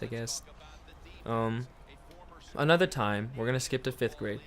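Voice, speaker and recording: A man telling a childhood story for his vlog, laughing often and swearing freely. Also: mid-range voice. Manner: profane, laughing, rambling storytelling. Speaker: vlogger.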